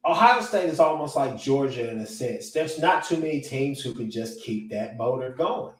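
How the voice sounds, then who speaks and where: A man's voice: medium pitch, expressive, moderate pace. Blunt rambling man, echoey and off-mic. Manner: blunt, rambling, with many restarts and filler words. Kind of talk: casual sports talk. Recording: roomy echo, distant from the mic.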